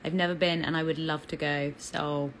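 A woman's voice: low-pitched, little pitch movement, moderate pace, slight background noise, low-quality recording. A woman with an English accent chatting on a live fan Q&A, bubbly and talkative as she greets viewers. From England. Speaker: actress answering fan questions.

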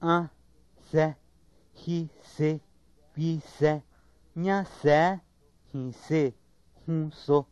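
A man slowly and carefully reading out a word list in a measured, repetitive way. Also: a little high, fairly even intonation, darkish tone, dry recording. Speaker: native speaker recording word list. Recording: dull lo-fi 1990s tape, dry.

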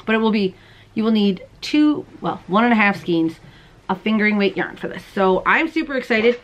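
A woman in her thirties hosting a crochet and knitting podcast, chatting casually to camera at home, bubbly and quick to laugh. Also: mid-range voice, expressive, a little hiss or hum. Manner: chatty, bubbly, laughs often, talks to viewers as "you guys". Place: at home, indoors.

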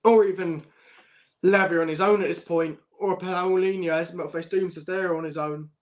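A young man hosts a football fan livestream, chatting casually with his viewers, swearing a lot, laughing often and constantly saying "bruv." His voice is high, with fairly even intonation at a normal pace.

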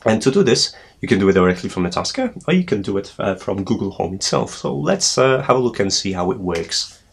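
Man, tutorial host, very low voice, step-by-step walkthrough, hesitant fillers. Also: very animated, a little fast, gravelly, husky. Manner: explaining step by step with frequent hesitations.

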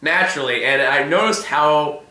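Hoarse male vlog host, rambling and swearing, bright tone, roomy echo. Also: a little high, normal speed. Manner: rambling, filler-heavy, swears casually. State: hoarse, voice giving out. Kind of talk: casual TV episode discussion.

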